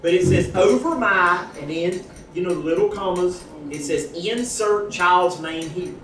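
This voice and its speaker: A man telling a folksy, animated testimony at a church gathering, acting out the voices in his story. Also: high voice, measured pace. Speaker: church member giving a testimony. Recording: echoey room, distant mic, audience noise.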